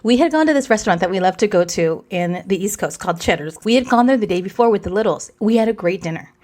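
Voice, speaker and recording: A woman in her forties hosting a podcast, telling a story in a rapid, animated way, dropping Spanish words and swearing freely. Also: medium pitch. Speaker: podcast host. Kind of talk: casual storytelling.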